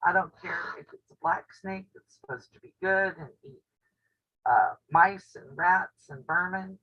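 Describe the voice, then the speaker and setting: A quilting channel host with a drawl and a lowish voice talks a little slowly on a casual live stream from home. She spins stories and laughs often, and the camera on the table picks her up with dull, lo-fi sound.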